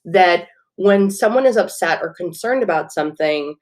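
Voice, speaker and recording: A woman's voice: on the low side, expressive, normal speed, a little mellow. A woman in her thirties hosting a podcast from home, talking earnestly in a rambling way with many fillers and restarts. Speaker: podcast host, teacher. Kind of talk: casual solo podcast talk. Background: washing machine running.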